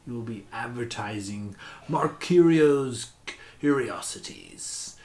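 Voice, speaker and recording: A man voicing a shrewd male merchant who haggles over prices with pauses and drawn-out terms. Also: medium pitch, lively intonation, a little mellow, slight background noise. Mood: bargaining.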